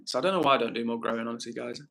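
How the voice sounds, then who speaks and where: A man's voice: medium pitch, very fast, vocal fry, heavy background noise. A young man hosting a livestream, chatting casually and reading viewer comments aloud. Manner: chatty, upbeat, reads chat messages aloud. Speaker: livestream host.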